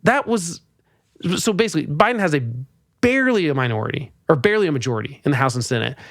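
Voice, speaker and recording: A man hosting a podcast, giving exasperated, animated political commentary with sarcastic mock quotes. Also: fairly high pitch, fast talker, no room sound, clean studio sound. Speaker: podcast host.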